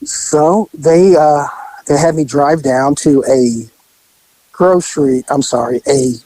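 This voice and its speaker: A man's voice: fairly high pitch, slow, dark tone, no echo, rough recording. Laid-back wry male storyteller. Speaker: co-host telling a story. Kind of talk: casual podcast storytelling.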